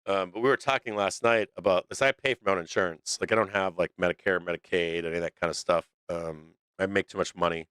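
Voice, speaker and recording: Profane middle-aged male stream host, low and rambling, dry room. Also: fairly even intonation, fast talker, few pauses, a bit bright, smooth, no echo. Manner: blunt, profane, rambling with restarts. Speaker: stock market show host. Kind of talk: casual livestream rant.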